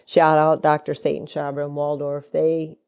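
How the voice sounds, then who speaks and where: The host's mother, a middle-aged woman, chats away through a lengthy story, voicing other people's quoted words with changes in pitch. Otherwise her voice is monotone, creaky, slightly mellow, clear and resonant, at normal speed.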